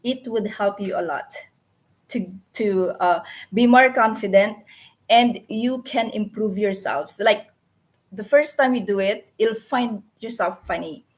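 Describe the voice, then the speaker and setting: Filipina lady vlogging, talks slow, keeps stopping to find the right word. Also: mid-range voice. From Philippines. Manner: hesitant, searching for words with many restarts. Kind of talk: casual talk to camera.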